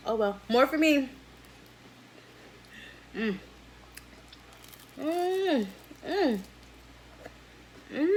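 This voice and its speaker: Slow-talking woman eating on camera. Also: sits high, sing-song, a little hiss or hum. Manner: chatty, slangy, talks between bites with lots of mm sounds. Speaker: mukbang vlogger. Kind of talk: casual eating vlog.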